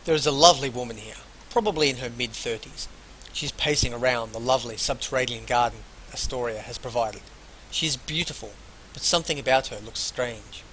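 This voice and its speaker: A man recording a game playthrough at a mid-range pitch. He reads long passages of game text aloud in full, then mutters short, casual asides between them. A faint hiss runs under his voice. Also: a little fast, hardly any pauses, bright, forceful tone, low-quality recording. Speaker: let's player. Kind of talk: gameplay commentary and reading game text aloud.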